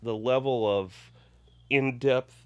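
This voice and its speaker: Unhurried easygoing man. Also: mid-range voice, steady tone, a little mellow, clean tone, lo-fi sound. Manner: easygoing, agreeable, laughs along. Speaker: podcast co-host. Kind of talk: casual chat.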